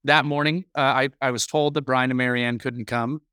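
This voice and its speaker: A man co-hosting a podcast, telling a long story in a rambling, animated way during casual chat. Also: mid-range voice, normal speed, clear, resonant tone, dry recording, studio quality. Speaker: podcast co-host.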